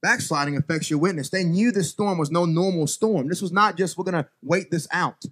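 High-voiced pastor. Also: male voice, a little fast, husky. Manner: folksy, talks straight to the congregation; swings from quiet scripture reading to loud exhortation. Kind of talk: sermon. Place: church sanctuary.

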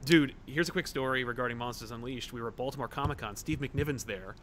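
A man's voice: mid-range voice, fast, crowd noise. A man hosting a podcast, chatting casually about comics with lots of fillers and stories. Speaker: podcast host. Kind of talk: casual chat.

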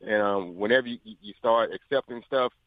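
Male radio caller, earnest rambler, quick pace, phone-line sound, dry. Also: lowish voice, dry recording. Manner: rambling, earnest, peppered with "man". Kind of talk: phone-in chat.

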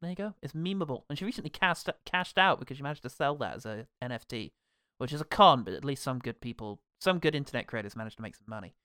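A man's voice: mid-range voice, expressive, quick pace, sharp tone, clean tone, dry recording, clean studio sound. A man co-hosting a casual podcast, joking playfully and swearing while he recounts favourite film moments. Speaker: podcast co-host.

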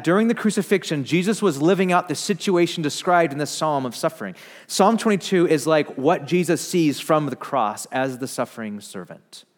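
A man preaching a sermon, swinging between loud emphatic declarations and hushed, low retellings. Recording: long hall reverb.

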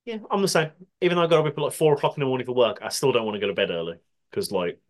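A man's voice: mid-range voice, racing. A man co-hosting a podcast, laughing often and swearing freely in casual banter. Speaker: podcast co-host.

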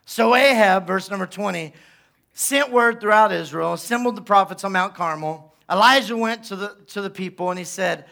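A man preaching a sermon as pastor, retelling a story with lively asides and acted-out quotes. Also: high voice, moderate pace, gravelly.

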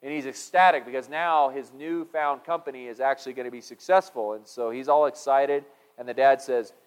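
A man's voice: medium pitch, steady tone, fairly quick, few pauses, clean tone. A man preaching a conversational sermon, retelling a story with frequent restarts. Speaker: pastor.

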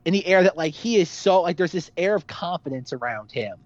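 A man's voice: high-pitched, a little fast, no echo, lo-fi sound. A man co-hosting a casual movie discussion podcast, rambling with lots of fillers. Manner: rambling, filler-heavy, animated. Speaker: podcast co-host.

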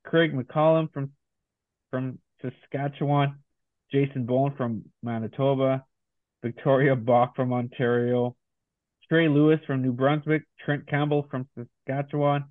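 A man's voice: mid-range voice, little pitch movement, a little slow, dry recording. A man co-hosting a casual podcast, reading through a long list of guest names. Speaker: podcast co-host. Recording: tinny phone-like sound.

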